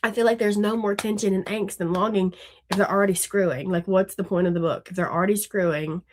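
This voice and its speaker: A woman's voice: mid-range voice, fairly even intonation, fast talker, a little hiss or hum. A woman, a mother of young kids, co-hosting a book podcast in casual chat, rambling and candid, laughing often and swearing freely. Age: adult with young children.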